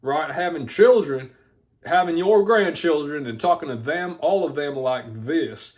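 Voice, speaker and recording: Young man doing a folksy drawling cartoon dad, Texan twang, slow homespun delivery, vlog impression. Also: on the high side, expressive, darkish tone.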